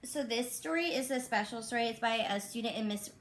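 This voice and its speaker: Teacher, female, higher voice, reads student stories aloud with warm asides. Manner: slow, expressive storybook reading with chatty comments. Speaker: elementary school teacher. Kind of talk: reading children's books aloud with asides.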